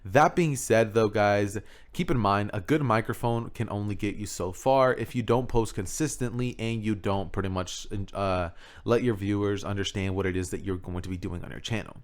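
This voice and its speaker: A man's voice: on the low side, normal speed. Guy youtuber talking thru his editing stuff, casual and rambly, lots of "pretty much", jokey asides, studio mic. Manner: laid-back, rambling with fillers and self-mocking asides. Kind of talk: casual video tutorial. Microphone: XLR studio microphone.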